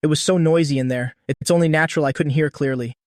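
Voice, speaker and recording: A cool, domineering young woman president teases and commands, as a man reads her lines. Her voice is his own somewhat high one, barely changed. The sound is dry and close. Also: quick pace, darkish tone, no room sound, lightly acted. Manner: cool, indulgent, teasing.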